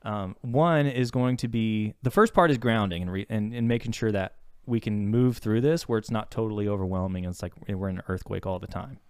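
A man's voice: fairly low pitch, fairly quick, few pauses, darkish tone, clean tone, no room sound, clean studio sound. A man speaking as a therapist in a casual podcast chat, reflective and searching, often restarting his sentences as he works his thoughts out.

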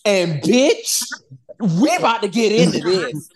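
A man co-hosting a casual podcast, gushing and swearing, repeating himself in excitement. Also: sits high, takes it slowly. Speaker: podcast co-host.

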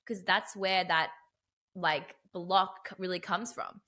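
A woman's voice: fairly low pitch, steady tone, slow, pushed and bright. A young woman co-hosting a podcast, talking emphatically and bluntly, with casual swearing. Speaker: podcast co-host. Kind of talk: casual chat.

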